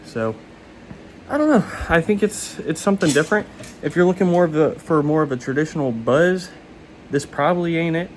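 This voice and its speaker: A young man hosting his own vlog, chatting casually in a relaxed, rambling way and laughing often. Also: a little high, fairly quick, slight background noise. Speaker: vlog host.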